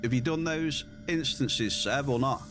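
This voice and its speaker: A man's voice: medium pitch, unhurried, music in the background. A man streaming a game, chatting casually and answering his viewers. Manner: chatty, reads and answers chat. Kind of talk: casual gaming stream chat.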